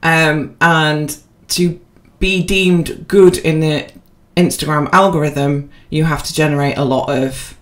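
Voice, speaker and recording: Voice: medium pitch, steady tone, takes it slowly, hardly any pauses, fairly bright tone. Casual rambling co-host, filler-heavy, unpolished podcast chat. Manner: rambling, self-deprecating, with many fillers and restarts.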